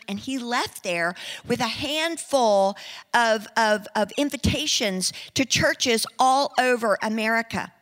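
A woman preaching, telling a story in an animated way and acting out the people in it. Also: fairly high pitch, measured pace. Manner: animated, acts out quoted speech. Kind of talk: sermon storytelling. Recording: long reverb in a hall.

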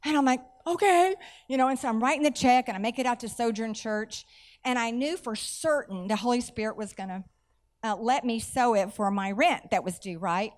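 A middle-aged woman, preaching a sermon through animated personal stories with folksy asides. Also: a little high, fairly quick. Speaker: church speaker.

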